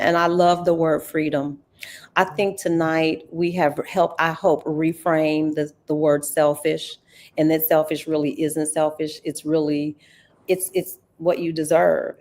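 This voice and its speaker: A woman hosting a livestream talk, animated and folksy, calling listeners honey and girl. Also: sits low. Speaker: host.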